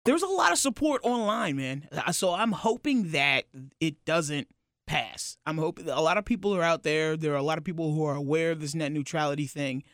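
A young man co-hosting a podcast, talking casually and explaining things haltingly, with many restarts. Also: on the high side, lively intonation, fairly bright tone, no echo, clean studio sound. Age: young adult. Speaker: podcast co-host. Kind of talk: casual chat. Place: radio building studio.

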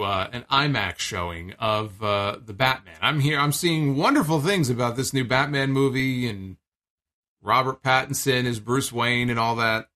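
A man's voice: medium pitch, sharp tone. A man casually recapping a wrestling show for his podcast, rambling and chatty, with plenty of fillers and the odd swear.

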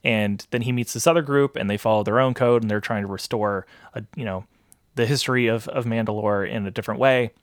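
A man's voice: on the low side, brisk, dry recording, clean studio sound. A man hosting a casual podcast chat, explaining steadily and thoughtfully with hesitant restarts. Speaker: podcast host.

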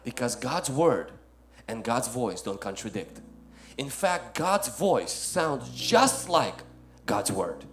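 A male pastor preaching a sermon, swinging from loud emphatic lines to soft ones and calling listeners "my friend". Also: medium pitch, very animated, takes it slowly.

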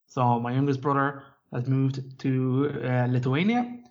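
A man's voice: medium pitch, flat delivery, a little slow, a little mellow. A man co-hosting a gaming podcast, rambling along in loose, unscripted chat. He swears freely as he talks. His audio is dull and lo-fi. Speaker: podcast co-host. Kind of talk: casual chat.

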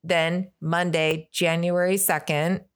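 A woman's voice: on the low side, slow pace, clear, resonant tone. Chatty woman retelling gossip. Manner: retells text messages in animated voices. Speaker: podcast co-host. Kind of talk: casual gossip chat.

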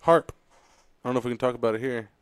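A man co-hosting a radio show, chatting casually and rambling excitedly with lots of fillers. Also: medium pitch, very fast, clean tone, dry recording. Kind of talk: casual studio banter.

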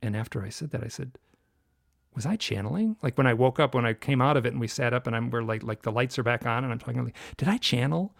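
Middle-aged male guest, strongly gravelly voice, earnest and halting, casual storytelling. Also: mid-range voice, little pitch movement. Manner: earnest, halting, many restarts and fillers. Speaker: guest author and researcher.

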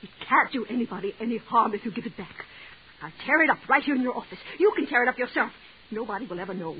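An actress playing a jealous, desperate wife who pleads in a breathless, overwrought way, in 1940s radio acting style. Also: female voice, fairly high pitch, lively intonation, fast, close to an everyday voice. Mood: frantic. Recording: tinny old radio broadcast with hiss.

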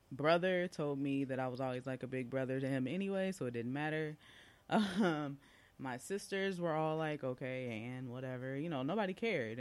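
A man talks casually into a podcast mic. He speaks at a middle pitch, chatty and open, wandering through asides and fillers as he tells his own story. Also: clear, resonant tone.

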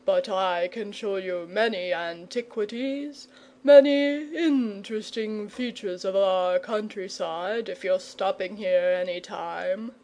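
A woman's voice: mid-range voice, slow pace, warm tone. A woman voicing a nervous, polite, stubborn male dragon in a storybook reading. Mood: genial, fussy. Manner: polite, fussy and coy.

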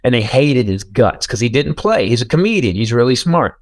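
Man, american, podcast co-host, animated and profane, dry close sound. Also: medium pitch, a little fast, no room sound. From United States. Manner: animated, profane, swings loud for emphasis. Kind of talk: casual political chat.

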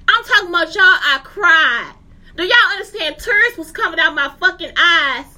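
A woman's voice: high voice, pushed and bright. A woman in her forties, a teacher, delivering a heated, profane rant to her viewers and repeatedly asking if they understand. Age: 40s. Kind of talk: angry rant to camera.

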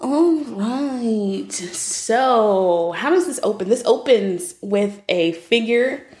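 A woman's voice: a little high, lively intonation, slow, darkish tone, reverberant. A woman from Ohio, co-hosting a podcast in a casual, teasing manner. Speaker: podcast co-host. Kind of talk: casual chat.

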